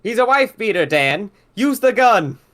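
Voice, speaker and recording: A man plays an arrogant mad scientist with a smug, clipped delivery. The voice swings lively up and down as he lectures and sneers. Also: mid-range voice, normal speed. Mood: alarmed.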